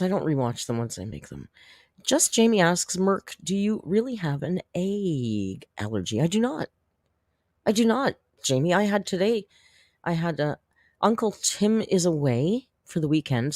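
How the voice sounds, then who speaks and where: A man's voice: a little high, a little mellow, no room sound, studio quality. A man hosting a casual livestream, chatting with viewers in a rambling, self-deprecating way and laughing often. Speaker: YouTube commentary host.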